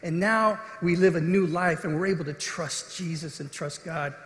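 Preaching earnestly as pastor, a man brings the scripture story to life by voicing its characters with mounting intensity. His voice is fairly high and fairly bright, at a normal speed, and the hall around him echoes.

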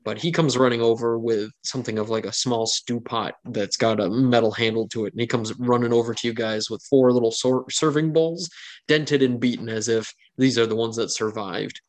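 A man's voice: mid-range voice, fairly even intonation, brisk. A man narrating as game master, playful and chatty with many asides.

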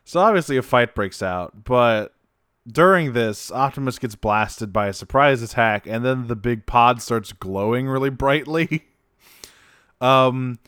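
A man's voice: medium pitch, unhurried, a bit bright, smooth, no echo, clean studio sound. A man co-hosting a podcast, recapping an episode in casual chat, swearing freely and laughing often. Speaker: podcast co-host.

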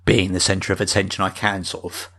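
A man's voice: deep voice, little pitch movement, quick pace, pushed and bright. A man chatting casually on a podcast, often restarting sentences and joking at his own expense. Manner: stammering restarts, self-deprecating humor. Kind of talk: casual chat.

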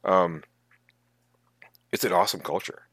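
A man co-hosting a tabletop gaming podcast, talking casually in a halting, thoughtful way with many restarts. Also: low voice, a bit bright, slightly rough, dry recording, clean studio sound. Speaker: podcast co-host. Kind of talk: casual chat.

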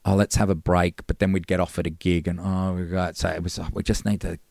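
A middle-aged man with a very deep, gravelly voice talks through his old band days. He rambles and slips into quoting what people said back then. The sound is dry and close, with no room around it. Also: flat delivery, quick pace, a little mellow, no echo. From Australia. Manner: rambling, acts out past dialogue. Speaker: former band singer, guest. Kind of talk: casual storytelling interview.

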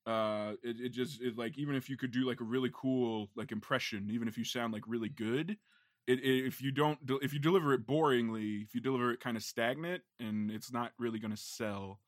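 A man's voice: mid-range voice, brisk, dry recording, studio quality. A man talking as a podcast guest in casual chat, laughing often and swearing casually.

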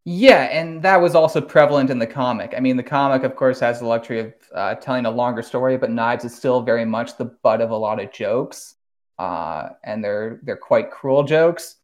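Animated man recapping a show. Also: medium pitch, normal speed. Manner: animated recapper, swears, laughs often. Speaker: podcast host. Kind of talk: casual podcast discussion.

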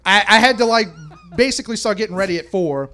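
Profane high-voiced man telling a rambling story. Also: fast talker, bright, forceful tone. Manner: rambling, profane, often corrects himself. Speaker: podcast co-host telling a story. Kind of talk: casual storytelling in front of a live audience. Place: sports bar with a live audience.

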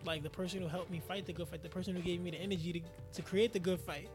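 A man who is a rapper, guest on an interview show, telling stories in lively casual talk and acting out voices. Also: high voice, rapid-fire, over music. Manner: animated storyteller, acts out quotes.

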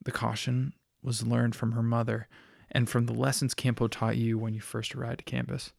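A man reading a story aloud in a steady, plain narrating style. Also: medium pitch, moderate pace, vocal fry, no room sound, clean studio sound.

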